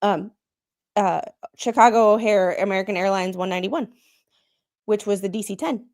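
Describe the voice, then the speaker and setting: A woman's voice: medium pitch, normal speed, darkish tone. A woman hosting a casual livestream, chatty and rambling with lots of ums. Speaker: host.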